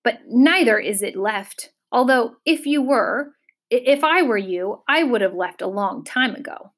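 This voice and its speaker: A woman voicing a filthy, cackling male bird who interrupts and twists every word, in a shrill, shrieking audiobook character voice. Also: expressive, a little slow, fairly bright tone. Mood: quibbling, gleeful. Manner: quibbling, punning, interrupting.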